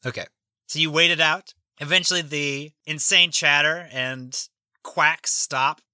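A man's voice: on the high side, fairly even intonation, a little slow, bright, forceful tone, clear, resonant tone, no room sound. A man narrating a tabletop game as game master, laid-back and often laughing as he describes scenes.

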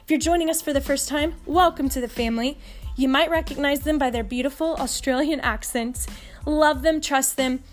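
A woman's voice: high voice, normal speed, faint music behind. A woman with a Texan accent hosting a faith podcast, talking with enthusiasm. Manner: enthusiastic, upbeat. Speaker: podcast host.

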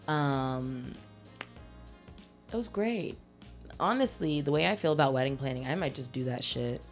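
A woman's voice: extremely low pitch, expressive, a little slow, soft background music. A young woman co-hosting a podcast in a loose, profane, casual chat, laughing often. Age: young adult. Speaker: podcast co-host.

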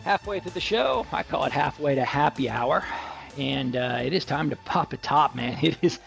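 Gravelly chatty radio host. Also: male voice, on the high side, expressive, moderate pace, a bit bright, faint music behind. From Texas. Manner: chatty, jokey, many fillers and restarts. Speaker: radio tech show host. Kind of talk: casual radio talk show.

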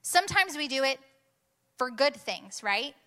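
A young woman preaching a sermon, telling a personal story in an animated way and rising to bursts of intensity. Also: high-pitched, unhurried.

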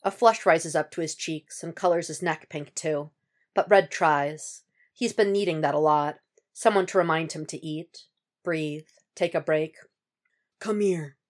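A woman reading fan fiction aloud as a podfic narrator, with steady, measured narration. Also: deep voice. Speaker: podfic reader.

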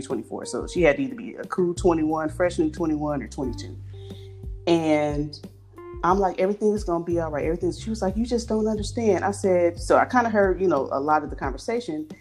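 Animated storytelling woman. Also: deep voice. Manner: animated, acts out quoted voices. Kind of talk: casual storytelling chat.

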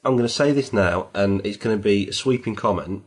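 Male co-host, low voice, dry rambling banter, easy laughs. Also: brisk. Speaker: podcast co-host. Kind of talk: casual chat, banter.

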